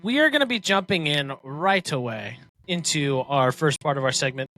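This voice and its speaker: A man's voice: on the high side, lively intonation, moderate pace, bright, forceful tone. A man co-hosting a casual podcast, chatting, laughing often and reading a synopsis aloud. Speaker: podcast co-host. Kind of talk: casual chat.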